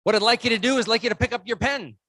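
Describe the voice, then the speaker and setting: A keynote speaker at a conference who leads the audience through call-and-response and counts, breaking into loud shouts to rouse them. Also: medium pitch, rapid-fire. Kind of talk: motivational speech with audience participation. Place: conference room with a live audience.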